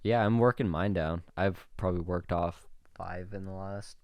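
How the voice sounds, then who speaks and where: Deep-voiced young co-host, laid-back. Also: male voice, moderate pace, darkish tone. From Canada. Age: young adult. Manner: laid-back, short wry replies. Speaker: podcast co-host. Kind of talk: casual podcast chat.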